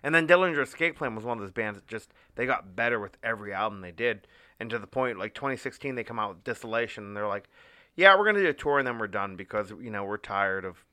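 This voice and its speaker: A man's voice: fairly low pitch, fast talker, pushed and bright, no echo, studio quality. A young adult man co-hosting a casual podcast chat, enthusiastic and swearing freely. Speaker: podcast co-host.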